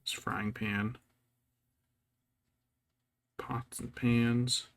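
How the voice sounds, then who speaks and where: A man's voice: mid-range voice, drawn-out words, gravelly. A man casually chatting and muttering to himself as he paints a miniature for his stream. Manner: relaxed, muttering to himself as he works. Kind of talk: casual chat while painting.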